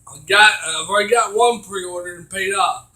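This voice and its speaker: A man giving a casual video game review, rambling and halting with many fillers, getting excitable as he retells scenes. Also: sits high, roomy sound, rough recording.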